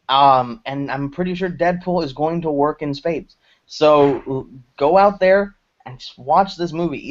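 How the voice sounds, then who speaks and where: A man co-hosting a movie news podcast in casual chat, excitable, jokey and rambling. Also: on the high side, dull audio. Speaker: podcast co-host. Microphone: video call.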